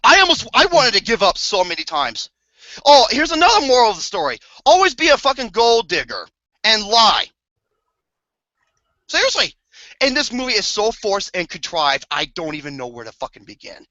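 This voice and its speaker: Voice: mid-range voice, sing-song, moderate pace, sharp tone, no echo. A podcast co-host tearing into a movie in a profane, exasperated rant with theatrical outbursts. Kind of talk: ranting movie review. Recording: dull lo-fi podcast audio.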